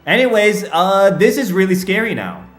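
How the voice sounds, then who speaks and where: Lively, chatty male streamer in an echoey room. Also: high-pitched, moderate pace. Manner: chatty, laughs often, talks straight to his chat. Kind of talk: casual livestream chat and game commentary. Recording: echoey room with faint music.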